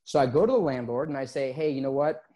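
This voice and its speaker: A man's voice: medium pitch, fast. A man who is an interview guest and former gym owner, telling his story casually and acting out past conversations. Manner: relaxed, recounts conversations in quotes.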